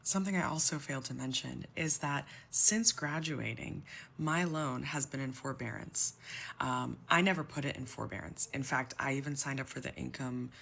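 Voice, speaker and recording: Exasperated young woman with gravelly fry. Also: extremely low pitch, moderate pace, fairly bright tone. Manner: exasperated, emotional, near tears. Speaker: public sector worker telling her story. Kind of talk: personal story video.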